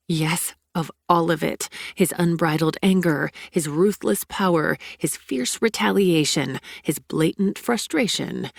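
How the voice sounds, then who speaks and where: Woman, audiobook narrator, first-person romance, gravelly, dry close mic. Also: fairly low pitch, no echo.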